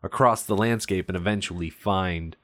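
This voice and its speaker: A man's voice: deep voice, moderate pace, fairly bright tone, no room sound, studio quality. A man co-hosting a podcast, explaining things in a casual film discussion and sometimes reading aloud. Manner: explanatory, reads aloud at times. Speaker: podcast co-host.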